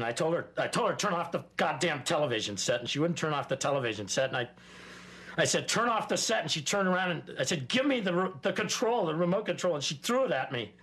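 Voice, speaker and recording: An actor playing a stressed father in therapy who drinks, talking haltingly and restarting and repeating his words. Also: a little high, a bit bright, husky, heavily acted. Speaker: therapy client. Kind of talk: simulated therapy session.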